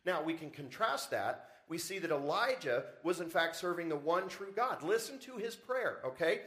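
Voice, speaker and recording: A man's voice: fairly high pitch, lively intonation, normal speed, sharp tone. A man preaching a sermon as pastor, with rising emphasis and frequent rhetorical questions to the congregation. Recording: church service audio recording.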